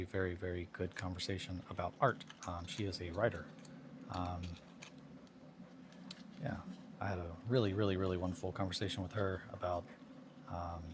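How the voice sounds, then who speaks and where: Man, low voice, casual rambling chat, self-deprecating, crafting on a hobby livestream, audible background noise.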